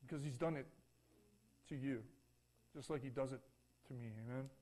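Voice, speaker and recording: A man preaching a sermon in a church, folksy and repetitive, swinging between loud calls and soft, hushed lines and asking for an "Amen". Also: medium pitch, steady tone, normal speed. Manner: folksy, repeats phrases, asks the congregation "Amen?". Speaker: pastor.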